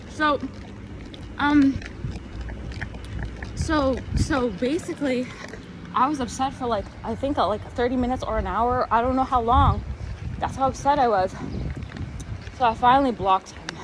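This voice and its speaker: A young woman vlogger telling a casual storytime rant, animated and exasperated, rambling with many fillers. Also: on the high side, a little slow, pauses often, background noise.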